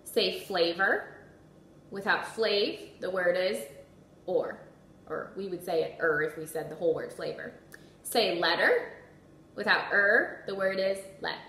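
A woman leads young children through a phonics lesson, stretching out sounds and syllables slowly and clearly between quick words of praise. Her voice is bright and forward, and it rings in an echoey room with a faint hiss behind it. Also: on the low side. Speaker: first grade teacher.

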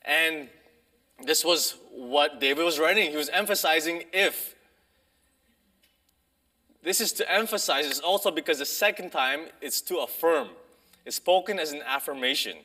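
A man delivers a sermon in a loose, conversational way, pausing and restarting as he explains. His voice sits a little high and sounds bright and forceful. He speaks in a church. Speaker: preacher. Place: church sanctuary.

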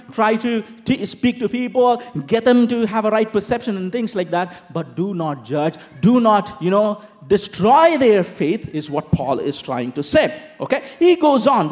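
A man's voice: sits high, moderate pace. A man preaching a sermon in a conversational style, explaining scripture with frequent asides and rhetorical questions. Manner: conversational, animated preaching with frequent "you know" and "okay?".

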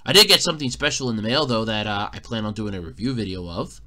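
A man's voice: on the low side, quick pace, bright, forceful tone. A man hosting a casual solo podcast, telling an exasperated, swearing story, recorded in a borrowed room at a fire company. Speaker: podcast host.

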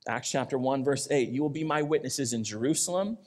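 A male pastor preaching a sermon, moving between loud pleading and quiet, earnest lines. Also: medium pitch, a little fast.

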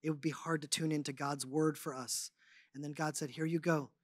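A man speaking to a congregation, telling a personal story and teaching, swinging between loud animated stretches and hushed ones. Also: a little high, brisk, dry recording, clean studio sound. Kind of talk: testimony and sermon.

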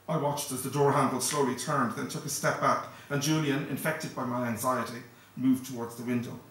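A male author reading his novel aloud at a live event in a steady, measured first-person narration. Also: medium pitch. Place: event hall. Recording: echoey hall, distant mic.

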